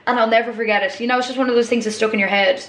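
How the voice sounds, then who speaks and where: A woman's voice: fairly high pitch, steady tone, rapid-fire. Irish girl in her 20s chatting away while she cooks, lots of tangents, echoey kitchen sound. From Ireland. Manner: rambling, chatty, many fillers and asides. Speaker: vlogger. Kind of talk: casual chat while cooking. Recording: echoey room.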